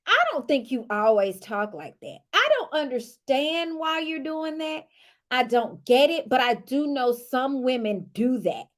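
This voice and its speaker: High-voiced woman, sassy recap vlogger, casual and teasing. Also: unhurried. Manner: sassy and animated, teasing asides. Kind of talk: casual chatty commentary.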